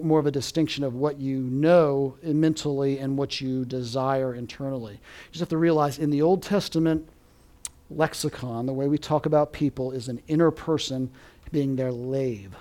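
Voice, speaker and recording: A man teaching a Bible class, lecturing lively and asking his listeners to repeat Hebrew words, with frequent checks of "okay?". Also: fairly high pitch.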